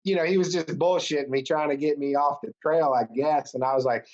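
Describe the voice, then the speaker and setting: A man's voice: a little high, steady tone, fairly quick, darkish tone. A man chatting casually as a podcast guest, with a laid-back, rambling way of telling stories and plenty of swearing. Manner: laid-back, loose storytelling full of filler and swearing. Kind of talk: casual chat. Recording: slightly dull lo-fi sound.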